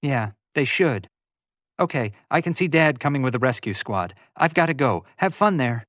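A man voicing an earnest young woman who talks in a hurried way. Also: medium pitch, expressive, a bit bright, dry recording, voice pushed up, close to an everyday voice.

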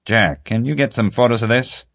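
A man's voice: mid-range voice, moderate pace, creaky, a bit bright, dry recording, pitched above the performer's own voice. A man voicing a seasoned male investigator who speaks in a dry, matter-of-fact way. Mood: businesslike.

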